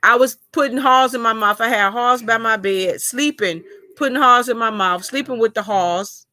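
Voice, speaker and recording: A woman's voice: on the high side, moderate pace, pushed and bright, no echo, studio quality. A middle-aged woman chatting casually with viewers during a live stream, telling a long personal story in a talkative, colloquial way.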